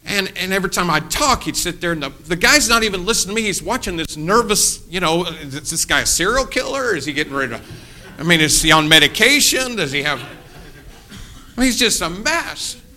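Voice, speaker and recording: A middle-aged man preaching with a sharp, bright tone that sits a little high. He tells stories with animation, acting out voices, leaping from loud bursts to hushed, intimate asides. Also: animated, fairly quick. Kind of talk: sermon with storytelling.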